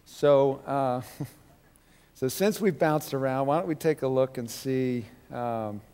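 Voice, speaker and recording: A man's voice: mid-range voice, takes it slowly, a little mellow, clean tone, in a large hall. A man teaching a Bible class in a conversational, digressive sermon style with joking asides.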